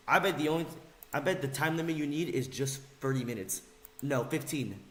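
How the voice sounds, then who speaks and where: A young man rants on camera with a bright, cutting voice that leaps up and down in pitch. He mocks and insults, dropping to mutters and then bursting into yells. The room around him is echoey. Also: animated, fast. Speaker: video ranter. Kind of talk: angry rant video.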